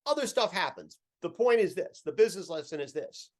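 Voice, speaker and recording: A man's voice: high voice, animated, a little fast, darkish tone. A man co-hosting a casual chat, explaining points with emphatic runs of parallel phrases. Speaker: co-host.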